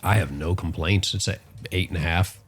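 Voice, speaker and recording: A man co-hosting a podcast in casual chat, telling stories with halting restarts and frequent laughter. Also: low voice, breathy edge. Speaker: podcast co-host. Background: other hosts chatting.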